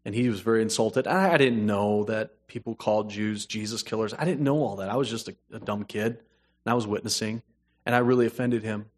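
A man preaching a sermon, moving between hushed storytelling and emphatic, rising points. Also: on the low side, brisk. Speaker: pastor.

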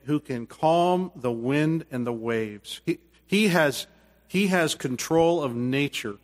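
A man preaching a sermon as pastor, earnest, swinging from loud bursts to hushed quiet, then leading a closing prayer. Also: mid-range voice, long reverb tail.

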